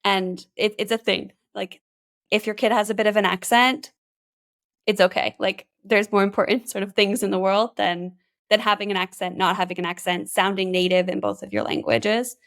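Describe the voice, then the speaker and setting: A woman's voice: medium pitch, fairly even intonation, normal speed, fairly bright tone. A woman from Canada, a bilingualism specialist, chatting as an interview guest with lots of "like" fillers and restarts. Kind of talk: casual interview chat.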